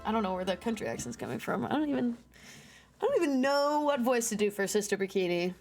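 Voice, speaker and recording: A woman's voice: medium pitch, sing-song, fast talker. Sarcastic woman streamer over game music. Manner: sarcastic and joking. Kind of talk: casual live-stream commentary.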